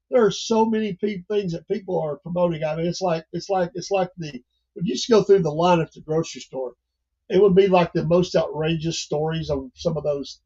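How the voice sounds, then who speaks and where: A man's voice: sits high, darkish tone, lo-fi sound. An older man hosting a livestream, talking in a rambling, folksy way and chuckling often. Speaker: livestream host. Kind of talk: casual livestream monologue.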